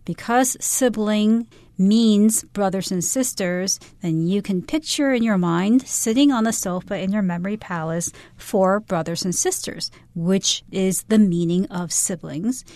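A female co-host of a radio English lesson, giving clear, methodical explanations of words and memory tricks. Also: mid-range voice, measured pace, a little mellow, dry recording. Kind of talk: explaining vocabulary and grammar.

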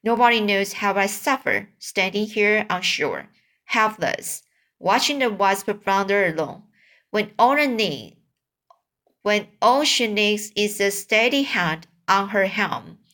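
A grown man who owns a toy schooner, proud and fussy, grumbling about a rival boat. He speaks slowly and deliberately , as a woman reading a storybook voices him. His pitch sits in a middle range. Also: animated, bright, forceful tone.

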